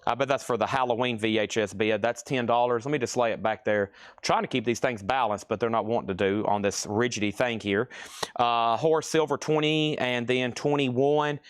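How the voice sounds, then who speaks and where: A man's voice: mid-range voice, a bit bright, clear, resonant tone, dry recording, clean studio sound. Man calling a live record auction. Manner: rattles off titles and prices, calls bids going once, going twice. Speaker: live sale host. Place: record shop.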